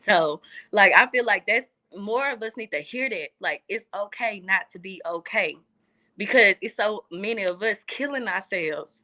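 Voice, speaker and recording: A woman's voice: mid-range voice, expressive, moderate pace, sharp tone. A young woman with a Southern US accent, talking earnestly in a casual chat and repeating phrases for emphasis. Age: young adult. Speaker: guest.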